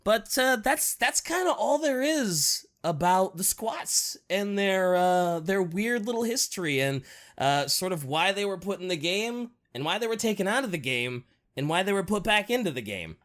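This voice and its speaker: A man co-hosting a casual lore chat, animated, laughing often and swearing freely. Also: high-pitched, normal speed. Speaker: lore video co-host.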